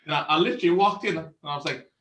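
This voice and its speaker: A man's voice: a little high, very fast, echoey room, poor audio. A man, co-hosting a casual beer show, telling a story with lots of swearing and laughter. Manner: animated storyteller, swears freely, laughs often. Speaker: co-host of a beer review show.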